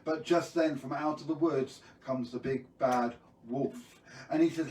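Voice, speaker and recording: A man's voice: mid-range voice, fairly even intonation, measured pace, darkish tone, echoey room, recorded from a distance, a little hiss or hum, poor audio. A man telling a children's story on a live stream, playful and jokey, who keeps quizzing his viewers.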